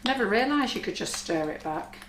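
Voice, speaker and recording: A woman with a husky voice, chatting reassuringly as she gives a live baking demonstration in a kitchen. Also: on the high side, lively intonation, fairly quick. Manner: chatty, reassuring, talks while working. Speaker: cake decorating instructor. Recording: echoey kitchen with faint noise.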